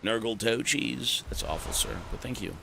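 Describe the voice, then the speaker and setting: A man's voice: on the low side, normal speed, gravelly, noisy background. A man streaming a video game, chatting casually and joking with viewers, often swearing and rambling. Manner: joking, profane, rambling to chat. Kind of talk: casual gaming stream commentary.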